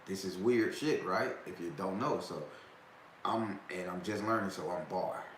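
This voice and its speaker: Low-voiced man telling a loose tale. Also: a little slow, fairly bright tone. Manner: loose, profane, laughs often. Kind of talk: casual storytelling. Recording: echoey room, faint background noise.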